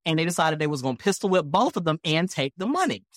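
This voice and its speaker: A man who is a podcast guest, telling stories in a casual, animated way, acting out other people's lines and laughing as he goes. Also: a little high, quick pace, no room sound, clean studio sound. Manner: animated, acts out quotes in shifting voices. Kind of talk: casual storytelling.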